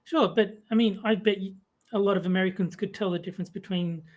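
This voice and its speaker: A woman's voice: medium pitch, fairly even intonation, fast, darkish tone. Australian woman making her point on a podcast. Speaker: podcast co-host. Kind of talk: casual chat.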